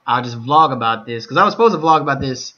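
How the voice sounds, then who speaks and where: A young man vlogging, telling a story, shifting from calm recounting to loud cursing rants. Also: medium pitch, fast talker, muffled recording. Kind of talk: storytelling vlog.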